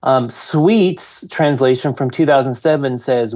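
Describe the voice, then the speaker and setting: A man with a mid-range voice speaks earnestly and reads quotations with care. His delivery is steady and sincere. The sound is slightly dull and lo-fi. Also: mid-range voice, measured pace. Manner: earnest, careful reader of quotes. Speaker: podcast guest. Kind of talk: casual discussion.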